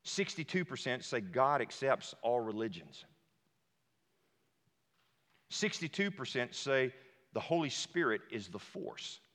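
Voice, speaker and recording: A male pastor delivers a sermon with a sharp, forceful edge to his voice. He swings from low, hushed stretches to emphatic shouts. His words ring out with a long reverb, as in a large hall. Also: big pitch swings, a little slow, pauses often.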